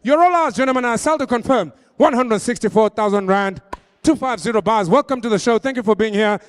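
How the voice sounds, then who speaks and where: A man working as an auctioneer, pitching vehicles with jokey patter and then rattling off bids in a rapid-fire auction chant. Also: smooth. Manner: joking, high-energy patter with rapid-fire bidding calls.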